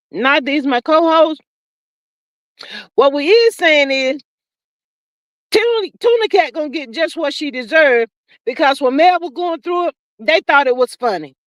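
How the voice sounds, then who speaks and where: Woman, fifties, chatty live-stream host, high voice, reads viewer comments, dry sound. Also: lively intonation, moderate pace, no room sound. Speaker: talk show host. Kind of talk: casual live-stream chat.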